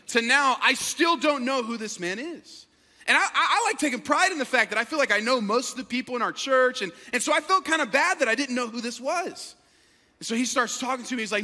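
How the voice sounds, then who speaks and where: A male pastor preaching a sermon as an energetic, excitable storyteller with a humorous streak. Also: very high voice, a little fast, long reverb tail.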